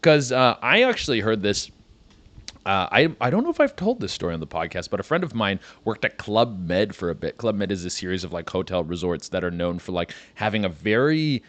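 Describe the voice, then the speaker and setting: Low, lively-voiced comedy podcast man. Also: brisk. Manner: profane, rambling, says "dude" a lot. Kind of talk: rambling comedic monologue.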